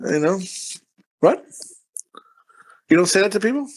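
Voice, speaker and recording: A middle-aged man riffs through a casual podcast chat, profane and rambling, breaking into laughter often. His voice sits high and swings widely in pitch. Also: animated, a little slow. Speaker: podcast co-host.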